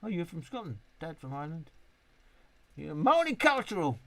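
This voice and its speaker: A slightly tipsy British man nearing sixty, talking off the cuff on a live stream. His voice sits a touch high for a man, and he rambles, swears freely and reads viewer comments aloud. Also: sing-song, normal speed, bright, forceful tone, dry recording. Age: 50s. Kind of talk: casual live-stream chat reading comments.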